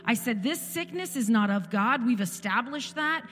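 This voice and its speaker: A woman's voice: on the high side, expressive, moderate pace, a bit bright, long reverb tail, faint music behind. A woman in her forties giving an impassioned church testimony, firing off repeated rhetorical questions. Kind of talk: sermon testimony.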